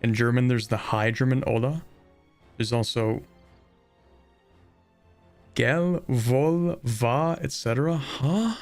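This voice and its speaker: Male streamer, mid-range voice with some gravel, loose rambling chat over quiet game music. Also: mid-range voice, slow, pauses often, no echo. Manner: rambling, thinking aloud with many fillers and chuckles. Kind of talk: casual live-stream chat while gaming.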